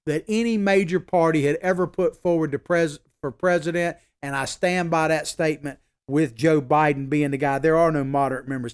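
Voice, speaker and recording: High-voiced folksy male political host. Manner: emphatic, repeats points for stress; folksy asides and fillers. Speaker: political commentary show host. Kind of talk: opinionated political commentary.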